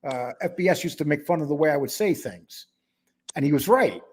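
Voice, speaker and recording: A man's voice: a little high, expressive, brisk, slight background noise. A man from New York with a New York accent blended with a Wisconsin one, hosting a casual podcast in a rambling, talkative way that jumps between topics. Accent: New York mixed with Wisconsin. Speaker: podcast host.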